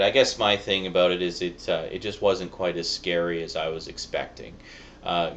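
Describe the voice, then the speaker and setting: In a dull, lo-fi recording with faint noise, a man whose voice sits low with a fairly bright tone reviews a Blu-ray. He talks in a chatty, meandering way, laughing a little, filling gaps, and sometimes cracking.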